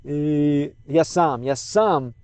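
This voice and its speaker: A man's voice: on the high side, extremely slow, a little mellow, clean tone, no echo. An American man streaming live, chatting casually with viewers and switching between English and hesitant learner Russian full of restarts.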